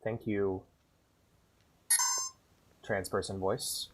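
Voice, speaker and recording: A man streaming and reacting to videos in loose, profane casual chat, swinging between loud outbursts and mutters. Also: fairly low pitch, little pitch movement, drawn-out words, noisy background. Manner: loose and profane, bursts of laughter.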